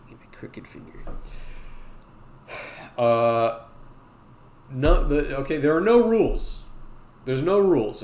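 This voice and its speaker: A man's voice: mid-range voice, darkish tone. Rambling, profane male art streamer. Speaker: art streamer teaching a drawing class. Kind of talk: casual live-stream talk.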